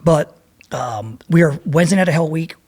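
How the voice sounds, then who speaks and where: A man's voice: on the high side, lively intonation, moderate pace, darkish tone. A man in his fifties, a podcast guest, telling rambling, profane war stories in a casual way. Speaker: podcast guest, former Navy SEAL. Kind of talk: casual storytelling.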